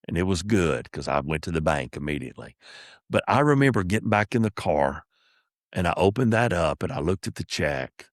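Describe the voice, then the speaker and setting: A middle-aged man with a low, gravelly voice spins folksy stories in an easy drawl. He sounds like a comedian hosting his own podcast. The recording is close and dry, with no room sound. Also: dry recording. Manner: folksy, drawling, animated retelling of anecdotes. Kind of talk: casual storytelling.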